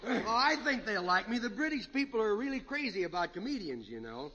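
High, lively bumbling radio comedian. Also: male voice, fairly quick, dull audio. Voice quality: chuckling, bumbling delivery. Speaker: comedian, show star. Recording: hissy old radio transcription.

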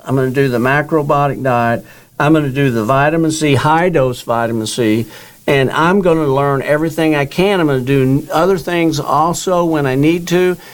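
An older man appearing as a guest author tells his own story in an interview, acting out the dialogue he quotes. His voice is fairly high.

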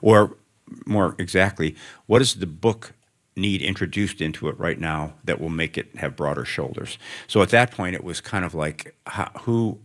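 A man's voice: deep voice, moderate pace, fairly bright tone. A man, a writer, answering questions onstage before a student audience, reflective and wandering, with wry asides. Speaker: writer, guest of an onstage interview.

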